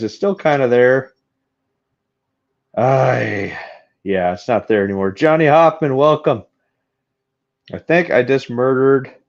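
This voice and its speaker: A man's voice: on the low side, darkish tone. Frustrated man streaming a metal pour. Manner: frustrated, self-deprecating, talks to chat. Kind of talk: live-stream chat while casting metal. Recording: dull lo-fi sound.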